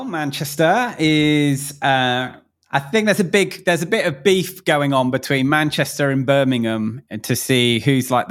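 A middle-aged man from Southeast London with a Mockney accent, a guest on a casual podcast, answering in a relaxed, hesitant way with many ums. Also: medium pitch.

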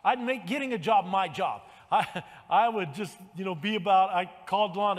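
A man's voice: high-pitched, normal speed, big-room sound. An older man preaching a sermon as pastor, retelling the story with acted-out lines and calls of "amen". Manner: animated storytelling, acts out quotes.

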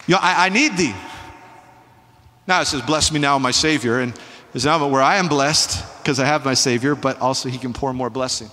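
A male pastor preaching a sermon in an animated, emphatic, conversational way, with asides to the congregation, in a church sanctuary. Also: medium pitch, brisk, in a large hall.

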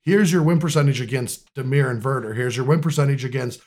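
A man's voice: mid-range voice, fast, darkish tone. A man co-hosting a casual gaming podcast, explaining things eagerly with lots of fillers and restarts. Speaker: podcast co-host. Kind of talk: casual chat.

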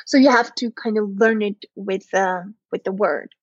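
A young woman from southern Serbia, a native Serbian speaker with a Serbian accent, chats casually as a podcast guest. Her medium-pitched voice has a breathy edge and normal pace, and she hesitates with many fillers and restarts. The recording is muffled with no echo.

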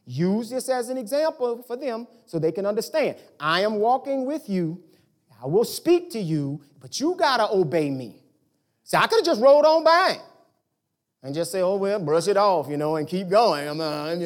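A man preaches a sermon and talks straight to his congregation in plain everyday words. His pitch swoops and leaps with lively energy. He climbs to loud, pressing emphasis and then sinks to near-hushed storytelling. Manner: colloquial, emphatic, addresses congregation directly.

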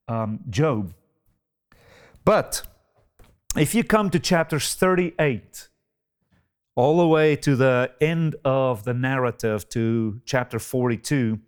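Slow, dramatic male preacher. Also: mid-range voice, darkish tone. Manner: slow, dramatic delivery with many rhetorical questions. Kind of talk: sermon.

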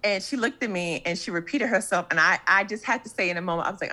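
A woman's voice: fairly low pitch, very animated, fast, few pauses, heavy background noise. A woman with a New York accent, a comedian guest chatting casually and acting out other people's voices in her stories. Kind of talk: casual storytelling chat.

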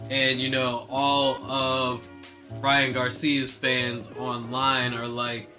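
A man's voice: medium pitch, completely flat delivery, takes it slowly, bright, forceful tone, soft background music. A man casually chatting about rap beef and boxing, loose and joking, with lots of fillers and swearing. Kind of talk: casual hip-hop commentary chat.

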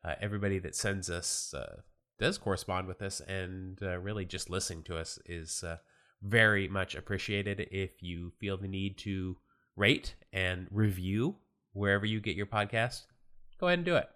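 Low-voiced man, sick, chatty podcast host. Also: normal speed. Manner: relaxed, chatty, with frequent fillers and restarts. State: sick, voice worn. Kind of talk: casual solo podcast talk about baseball cards.

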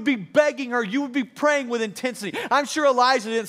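A man's voice: extremely high pitch, a little fast, hardly any pauses, fairly bright tone. A pastor preaching a sermon to a congregation at a church service, earnest and repetitive, building emphasis as he goes.

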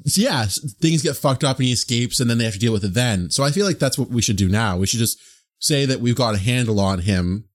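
A man chatting casually as a player in a tabletop game, telling stories in a rambling, animated way. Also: mid-range voice, quick pace.

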